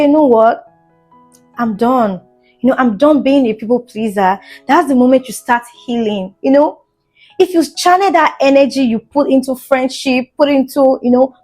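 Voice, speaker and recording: A young woman vlogger speaks straight to her viewers in an earnest, emphatic way, often pausing to ask if they understand. Her voice sits a little high, and faint music plays underneath. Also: darkish tone. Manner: earnest, emphatic, keeps asking "do you understand?"; fillers and restarts, gets emotional at times. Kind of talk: casual storytime monologue to camera.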